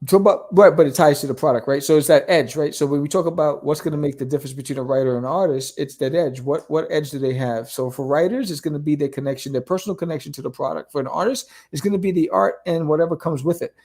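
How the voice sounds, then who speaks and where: A man in a casual podcast chat, talking in an animated, persuasive way. His voice sits slightly higher than most men's. He keeps checking in with a quick question as he makes his points. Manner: animated, keeps asking "right?". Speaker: comic creator guest.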